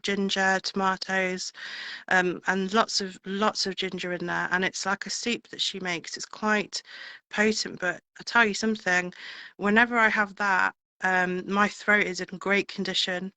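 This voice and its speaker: A woman's voice: mid-range voice, pushed and bright, no echo, poor audio. A woman singer being interviewed, chatting in a rambling way with plenty of fillers. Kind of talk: casual interview chat.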